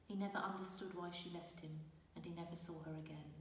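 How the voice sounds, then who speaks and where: A woman's voice: on the low side, steady tone, fast talker, slight background noise, natural voice. A woman voicing a worried mortal mother who speaks sadly and earnestly, recorded far from the mic in a reverberant room. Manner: sad, earnest. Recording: roomy distant reverberant recording.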